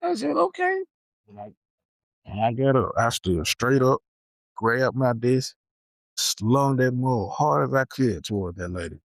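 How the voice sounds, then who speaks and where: On his podcast, a young male host recounts something from his childhood, animated and full of slang, with plenty of repetition. He speaks unhurriedly at a medium pitch, and the recording is dry and rough.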